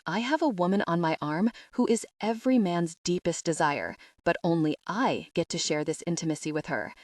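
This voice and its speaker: A woman reading the lines of a confident, possessive adult man who speaks in a low murmur in a romance audiobook. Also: animated, normal speed, dry recording, studio quality, natural voice.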